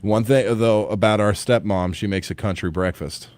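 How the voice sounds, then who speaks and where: A man with a lowish voice co-hosts a casual morning show in a radio studio. He jokes constantly and gets animated as he talks. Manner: animated, quick to laugh, jokey.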